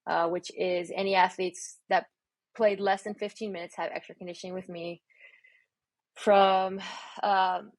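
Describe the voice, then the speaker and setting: Woman coach, podcast guest, lowish voice, dry close mic, animated storyteller. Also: a little slow, dry recording. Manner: animated, acts out her own quoted dialogue. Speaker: strength and conditioning coach, guest.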